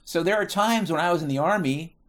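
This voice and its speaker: A man's voice: a little high, a little fast, a bit bright. A middle-aged American man telling stories in a casual monologue, profane and rambling, often correcting himself. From United States.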